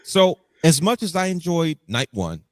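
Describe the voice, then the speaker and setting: A man's voice: a little high, big pitch swings, a little slow. A man co-hosting a podcast in casual chat, telling stories animatedly and acting out his own reactions. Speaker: podcast co-host.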